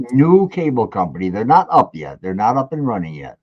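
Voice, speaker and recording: An older man hosting a casual livestream, teasing and reading out viewer comments with lively energy. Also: lowish voice, brisk, hardly any pauses, slightly rough. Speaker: livestream host. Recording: dull lo-fi audio.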